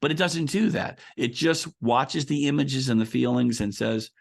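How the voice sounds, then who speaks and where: An author and coach, speaking in a conversational interview, explains his ideas through a long personal anecdote with frequent restarts. His voice is gravelly and medium-pitched, at a normal speed.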